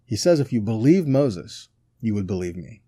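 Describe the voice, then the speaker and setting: A man giving a conversational Bible teaching, reading verses aloud and checking in with quick rhetorical questions. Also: fairly low pitch, sing-song, mellow, slightly rough, no room sound, studio quality.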